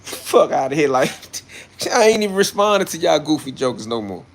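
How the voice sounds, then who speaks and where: A man talking straight to his livestream audience, brash and profane. His voice sits a little high for a man and has a gravelly fry running through it. He drops from low muttering into loud outbursts. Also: very animated, moderate pace. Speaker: livestreamer reading chat comments. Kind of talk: casual livestream chat.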